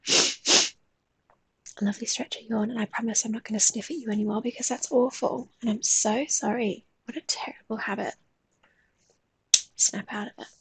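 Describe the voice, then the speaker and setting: A woman talks in a soft, mostly whispered voice and yawns often as she chats with viewers on a live stream while she draws. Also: a little high, fairly even intonation, brisk, husky.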